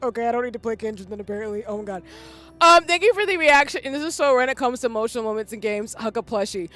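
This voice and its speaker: Woman, game streamer, crying, high voice, overwhelmed and gushing, close desk mic. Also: animated, quick pace. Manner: gushing and overwhelmed, swinging between wailing and mumbling. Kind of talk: live gameplay reaction. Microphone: desk microphone.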